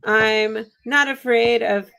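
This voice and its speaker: A woman guest on a casual podcast, teasing and playful in her talk. Her voice carries a gravelly fry. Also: on the high side, fairly even intonation, takes it slowly, sharp tone. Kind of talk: casual chat.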